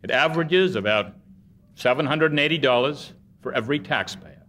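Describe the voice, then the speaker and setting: Man giving a big formal budget speech in an auditorium, bright voice, measured delivery. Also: fairly high pitch, a little hiss or hum. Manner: measured oratory with a humorous anecdote. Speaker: governor. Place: museum auditorium.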